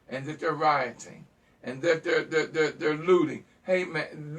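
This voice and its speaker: A call-in host delivers a heated sermon-like monologue to his audience, stumbling and repeating phrases as he grows agitated. His voice is on the high side and a bit bright, moving at normal speed, and he sounds distant from the microphone.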